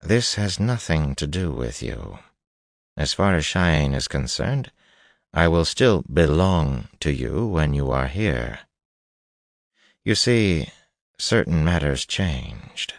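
A man's voice: low-pitched, fairly even intonation, normal speed, hardly any pauses, no echo, studio quality, voice pushed up, natural voice. Guy doing a cold haughty sorceress lady, curt and cool, storybook read. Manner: curt and cool, level delivery. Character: cold, haughty woman magic-user held as a maid.

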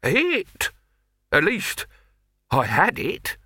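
Concussed alchemist, high strained voice, slow rambling, bright tone. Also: male voice, wildly swooping pitch, breathy edge, no echo, clean studio sound, full character voice. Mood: dazed. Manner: perplexed, half-concussed, repeating himself. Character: dazed male alchemist, soot-blackened, rambling.

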